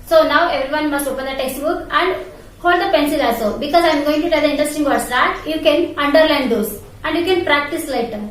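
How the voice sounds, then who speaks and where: A woman's voice: high-pitched, fairly quick. A woman, teaching an online class to young children, spelling each word out letter by letter and checking in with "okay?". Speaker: primary school English teacher. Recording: very echoey room, mic far off.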